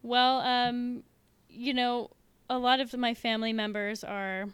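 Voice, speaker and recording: A woman guest chatting candidly on a podcast, with a smooth, clear voice at a medium pitch. She laughs easily between thoughts, and the sound is dry and close to the mic. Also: little pitch movement, measured pace, dry recording. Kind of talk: casual chat.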